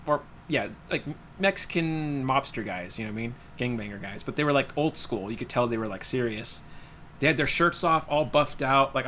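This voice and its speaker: A man's voice: medium pitch, fairly bright tone, slight background noise. Young male streamer, casual rambling storyteller, mid-range voice. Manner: rambling, laughs often, many fillers and restarts. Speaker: livestream host. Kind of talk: casual chat while reading viewer comments.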